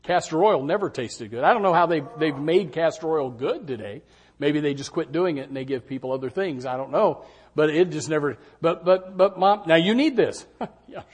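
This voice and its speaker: Husky animated preacher man. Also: a little high, fairly quick. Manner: animated, acts out congregants' doubts in raised voices. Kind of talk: sermon.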